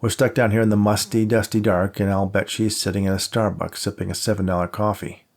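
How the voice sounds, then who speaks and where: A man's voice: lowish voice, level tone, brisk. A man voicing an anxious young male student who grumbles and complains sarcastically. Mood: sulky.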